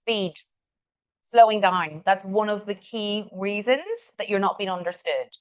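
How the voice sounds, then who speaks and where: A woman with a Northern Irish accent coaches a group live, encouraging and leaning on repeated words. Her voice sits at a middling pitch. The recording sounds dull and lo-fi. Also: expressive, measured pace. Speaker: communication coach.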